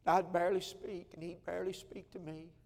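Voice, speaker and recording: A man's voice: high-pitched, little pitch movement, a little fast, gravelly, darkish tone, long reverb tail. A man, a pastor telling a personal story in a sermon with heartfelt, emotional repetition. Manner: heartfelt, emotional telling with many repeated phrases. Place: church sanctuary.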